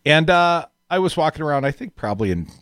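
A man's voice: fairly high pitch, very animated, fast, fairly bright tone, dry recording, studio quality. A middle-aged man hosting a radio talk show, bantering and teasing his co-host with frequent laughs. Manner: joking, teasing, laughs often. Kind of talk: casual on-air banter.

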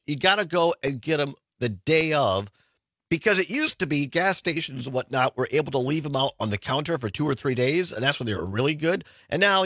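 Lively, chatty radio host man from Wisconsin. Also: mid-range voice, dry recording, clean studio sound. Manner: chatty, enthusiastic, rambling with restarts. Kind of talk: casual talk radio. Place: radio studio.

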